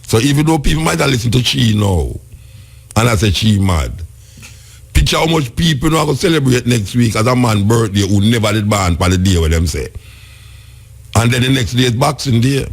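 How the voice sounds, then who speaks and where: A man's voice: medium pitch, expressive, a little fast, creaky, breathy edge. A Jamaican man hosting a radio call-in show, commenting wryly and musing aloud. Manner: wry, musing, laughing commentary. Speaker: radio host.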